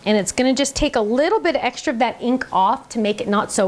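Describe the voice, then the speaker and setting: A woman's voice: a little high, quick pace. A middle-aged woman chatting her way through an online cardmaking class, talking as she works with her hands. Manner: chatty, bubbly, talks while working with hands. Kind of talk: online crafting demonstration.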